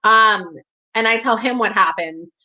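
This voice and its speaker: A woman's voice: medium pitch, a little slow, bright, forceful tone, dull audio. A woman telling a personal story in a casual, profane way, full of "like". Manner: casual and profane, heavy use of "like".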